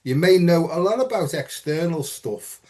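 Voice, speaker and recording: A man's voice: a little high, lively intonation, moderate pace, darkish tone. A man hosting a frank conversation, blunt and earthy, swearing freely and telling stories with quoted dialogue. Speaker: host.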